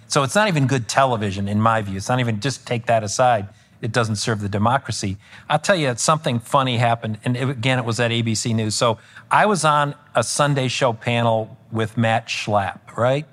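A man speaking as a political commentator guest on a podcast, rambling with frequent restarts and self-corrections, and animated when he recounts exchanges. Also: medium pitch, a little fast. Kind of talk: conversational podcast interview.

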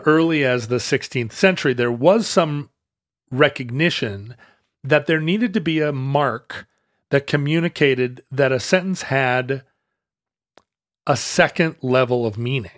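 Guy thinking out loud on a podcast, keeps restarting sentences, dry sound. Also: fairly high pitch, slow, no echo. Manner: musing, trails off and restarts mid-thought. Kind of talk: casual chat.

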